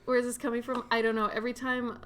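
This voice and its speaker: Young woman, slightly higher voice, giggly and rambling, casual art-stream chatter. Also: little pitch movement, fast talker, clean tone. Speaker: artist streamer. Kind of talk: casual chat while drawing.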